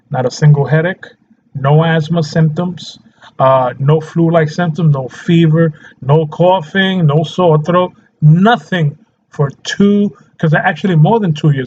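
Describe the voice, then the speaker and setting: A man's voice: on the high side, darkish tone, highs cut off, slight background noise. A man talking casually as a nutrition coach, chatty, laughing often and checking in with his listeners as he goes. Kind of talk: casual health talk to camera.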